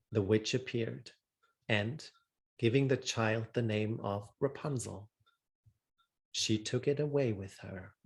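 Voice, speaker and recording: A man telling a fairy tale aloud as a storyteller, in a measured, deliberate reading. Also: mid-range voice.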